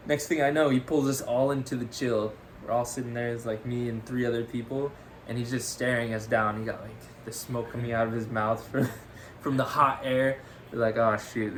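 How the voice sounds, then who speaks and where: A young man co-hosts a podcast, his medium-pitched voice carrying over slight background noise. He tells a story casually and with lots of energy, laughing often and saying "freaking" a lot.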